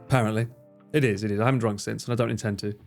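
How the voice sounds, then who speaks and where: A man chatting casually on his livestream, rambling, joking and swearing freely with quick asides. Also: lowish voice, fairly even intonation, vocal fry, darkish tone, faint music behind. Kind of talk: casual chat reading stream chat.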